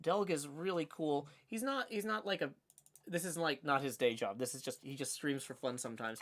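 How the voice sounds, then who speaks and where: A man's voice: on the high side, normal speed, fairly bright tone. Chatty Southern man streaming. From Tennessee. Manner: rambling, chatty, many fillers. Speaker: streamer host. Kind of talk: casual livestream chat.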